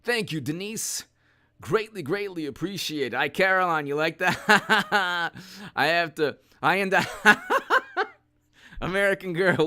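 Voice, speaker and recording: A man's voice: sits high, lively intonation, slow pace, long pauses, bright, forceful tone. A man hosting a casual livestream of political commentary, jokey and laughing as he thanks viewers by name.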